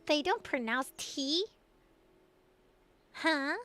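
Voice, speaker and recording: A woman's voice: sits high, lively intonation, very slow, bright, forceful tone, faint music behind. A woman from Taiwan, a native Mandarin speaker, chatting casually late at night on her stream, laughing often and answering chat messages.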